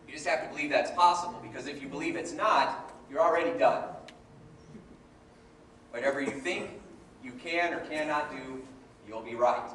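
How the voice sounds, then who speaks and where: A man with a Midwestern American accent giving a humorous, animated motivational talk to a live audience. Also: fairly high pitch, normal speed, pauses often, a little hiss or hum. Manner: humorous and animated, with playful voices. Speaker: motivational speaker. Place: large event hall with a live audience. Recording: echoey hall recorded from far off. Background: audience laughter and room ambience.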